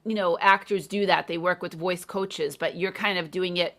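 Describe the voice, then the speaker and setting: A woman's voice: fairly low pitch, steady tone, normal speed, a bit bright. A middle-aged woman hosting a casual live interview, talking thoughtfully with many hedges and fillers. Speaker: host, English teacher.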